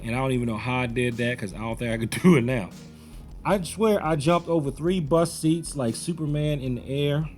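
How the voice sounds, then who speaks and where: Animated man telling a story. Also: mid-range voice. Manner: animated, conversational, rambling. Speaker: martial arts instructor. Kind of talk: storytelling commentary.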